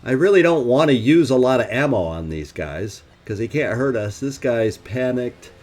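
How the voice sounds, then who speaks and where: Very animated and darkish in tone, this medium-pitched male voice keeps a moderate pace. The gaming channel host is mid let's play, working out his tactics aloud while poking wry, questioning fun at his own decisions.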